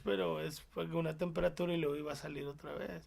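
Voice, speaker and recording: A man chats loosely on a podcast, joking and hopping between two languages. His voice is heavily gravelly and sits a little high for a man. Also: steady tone, quick pace, a little mellow. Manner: joking, switching between Spanish and English. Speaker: podcast co-host. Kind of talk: casual chat.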